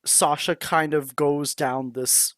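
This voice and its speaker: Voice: medium pitch, steady tone, takes it slowly, fairly bright tone, no echo. A podcast co-host chatting casually, often stopping and restarting sentences. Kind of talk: casual chat.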